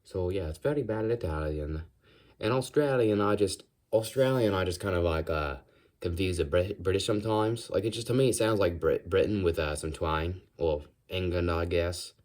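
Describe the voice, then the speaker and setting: A man with an American accent talks in a loose, rambling ASMR monologue, his voice sitting fairly low. He keeps slipping in and out of put-on accents and odd voices, with a touch of vocal fry. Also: normal speed, a little mellow.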